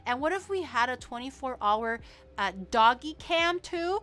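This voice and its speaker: A young woman streamer chatting casually to her viewers, animated and swearing, her voice swinging from loud bursts to low mumbles. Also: measured pace.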